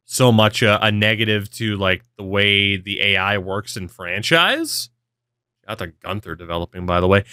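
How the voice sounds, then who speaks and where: A man's voice: on the low side, pushed and bright, dry recording, clean studio sound. A young man giving rambling, offhand commentary on a hockey video game, swearing now and then. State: yawning, with hiccups. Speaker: gaming video creator. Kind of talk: casual commentary over gameplay.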